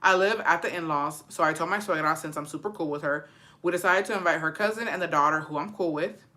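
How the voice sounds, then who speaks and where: Woman on a stream chatting loose and cussing a lot, bright sharp voice. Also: low voice, quick pace. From Texas. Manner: profane, animated, mixes English and Spanish. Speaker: livestream host. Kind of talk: casual chat reacting to viewer stories.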